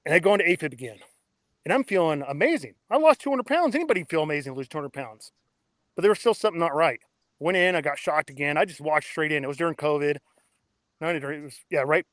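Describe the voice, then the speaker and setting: A man in his thirties, a podcast guest, telling his story in a blunt, excitable way and cursing freely. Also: on the high side, no echo. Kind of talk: casual interview storytelling.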